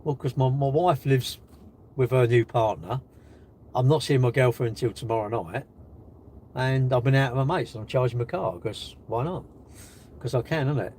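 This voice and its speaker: A British man streaming live from his car, mocking the comments he reads out. His voice sits in a middle pitch, with a faint hiss of noise underneath. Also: moderate pace. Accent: British English. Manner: sarcastic, mocking and lively. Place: in a car while charging it.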